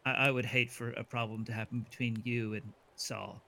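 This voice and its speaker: A man's voice: a little high, lively intonation, normal speed, a bit bright, voice pushed up. A man voicing a jittery, stammering male tinkerer in a tabletop role-play. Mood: nervous. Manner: stammering, eager, fussy.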